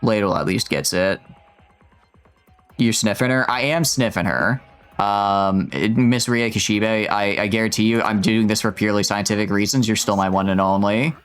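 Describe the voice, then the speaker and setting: A man streaming a video game live, joking with his chat in an animated, rambling way and often stammering and restarting his sentences. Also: fairly low pitch, normal speed, smooth. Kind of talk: live gameplay commentary. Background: faint game music.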